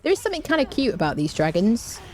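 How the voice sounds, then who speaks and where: A woman hosts a let's play, chatting casually while she plays and humming little tunes between remarks. Her voice is a little high and very animated, she talks fast, and there's a slight hiss or hum on the recording.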